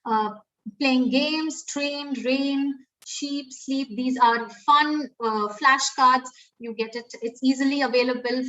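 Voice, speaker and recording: A fairly high-voiced woman with an Indian English accent speaks from a little way off the microphone, and her audio is dull. She teaches step by step in a webinar and often restarts with "uh" and "um.". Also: a bit bright, far from the mic. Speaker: pre-primary educator giving a webinar. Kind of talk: webinar talk.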